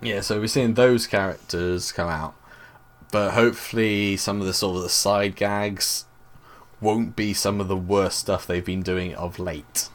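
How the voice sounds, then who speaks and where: A man's voice: on the low side, steady tone, a little slow. A British man co-hosting a podcast, chatting casually and giving opinions with frequent filler words. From Britain. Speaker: podcast co-host. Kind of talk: casual chat. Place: Bristol.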